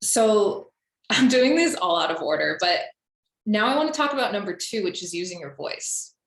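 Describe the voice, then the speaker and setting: A woman's voice: medium pitch, very animated, normal speed, creaky. A young woman coaching listeners on confidence in a casual, chatty way, full of "um" and "like.". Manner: chatty, lots of fillers like "um" and "like". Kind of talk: casual spoken teaching. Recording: echoey room.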